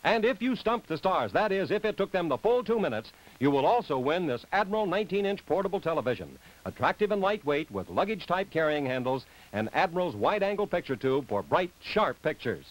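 A man announcing on a 1960s television game show, reading a smooth promotional script. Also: fairly high pitch, big pitch swings, a little fast, few pauses, low-quality recording. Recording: 1960s TV broadcast.

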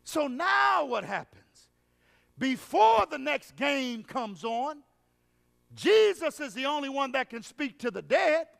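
A man preaching a revival sermon as an evangelist, with call-and-response questions to the congregation, drawn-out phrasing and bursts of shouting. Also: very high voice, very animated, vocal fry, long reverb tail. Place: large revival hall.

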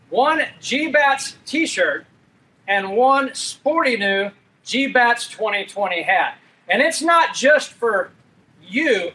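A man hosting a live-stream trucking show, chatting with guests and pitching a contest in upbeat, folksy promotional patter. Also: sharp tone. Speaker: host.

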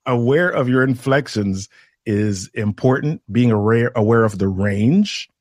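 A man guesting on a podcast as a communication trainer, explaining things in a measured way with deliberate pauses. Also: medium pitch, a little mellow, no room sound, studio quality. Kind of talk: instructive podcast conversation.

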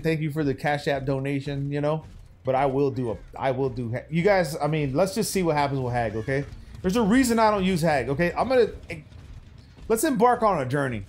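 A young man streaming a game, chatting loosely with his viewers in slangy banter that swings from hype to low mutters. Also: slight background noise. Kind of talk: casual gaming stream commentary.

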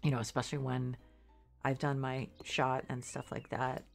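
Low gravelly congested woman streamer. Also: level tone, normal speed, soft background music. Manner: rambling, self-doubting, restarts often. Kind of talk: casual gameplay commentary.

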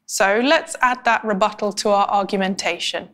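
A woman teaching academic writing in a clear, measured, scripted explainer style. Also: mid-range voice, a bit bright. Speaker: language instructor.

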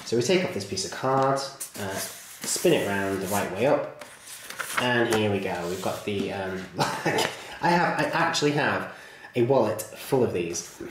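A man's voice: on the low side, animated, unhurried. A man chatting enthusiastically as he reviews a model train, with rambling asides. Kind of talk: casual hobby video review. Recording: very echoey room, faint noise.

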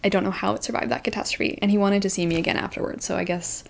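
A young woman in her twenties tells a story straight to camera as a book vlogger. Her delivery is animated and self-mocking, with her voice sitting in a middle pitch for a woman. She peppers her sentences with "like" and laughs at herself as she goes. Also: rapid-fire, creaky, slight background noise. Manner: animated, self-deprecating, says "like" often.

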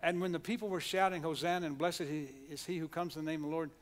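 Quick-paced and fairly high-pitched, with a steady tone, a pastor delivers an earnest sermon in a church sanctuary. He has an Oklahoma Southern US accent, restarts frequently, repeats words, and leads call-and-response with the congregation.

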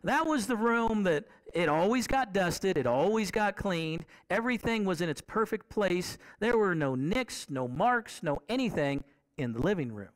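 A male preacher with a high voice that swings widely as he preaches. He talks to the congregation like in a conversation, keeps asking them questions and repeats phrases for emphasis. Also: normal speed. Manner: animated, conversational, asks the congregation rhetorical questions. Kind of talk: sermon.

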